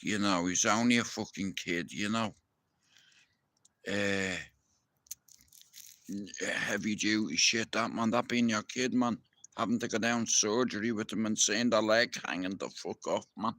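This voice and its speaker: A man's voice: lowish voice, steady tone, measured pace, a bit bright, no room sound. A young Irish man ranting to his viewers in a heated, profane live-stream monologue. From Ireland.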